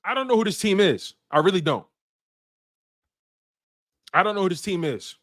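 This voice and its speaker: A man hosting a sports show on a livestream, worked up and emotional, repeating himself and swinging into shouts while he reacts to viewer chats. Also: sits high, animated, normal speed. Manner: heated, repetitive, swings to shouting.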